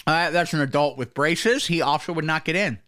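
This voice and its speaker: Male comedy streamer, fairly high voice, swearing mocker who rambles through riffs. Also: a little fast, background noise. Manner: profane, rambling, mocking riffs. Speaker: comedy livestream host. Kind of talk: crude comedic reaction commentary.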